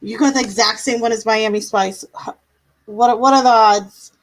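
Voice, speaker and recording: A woman's voice: on the high side, fairly even intonation, moderate pace, rough recording. A woman doing tarot readings on a live stream, chatty, laughing now and then, drawing out her words. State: yawning, a bit tired. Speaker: tarot reader.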